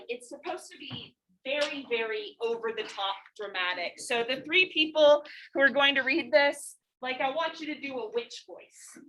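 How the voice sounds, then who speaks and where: A woman's voice: sits high, bright, forceful tone, slight background noise. A young woman teacher giving a casual, chatty class lecture, full of fillers and easy laughs. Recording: echoey classroom, far from mic.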